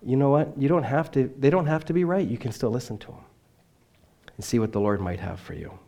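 An earnest male missionary preacher delivering a sermon at a mid-range pitch. He tells personal stories with conviction, pushing some lines out loudly and letting others fall almost to a murmur. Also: lively intonation, brisk. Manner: swings between loud emphatic lines and quiet dropped endings. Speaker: missionary speaker.

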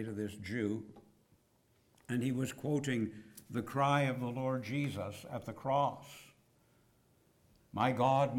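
Male preacher, low voice, unhurried sermon delivery with dramatic loud and hushed moments. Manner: slow, dramatic preaching with sudden loud cries and hushed whispers.

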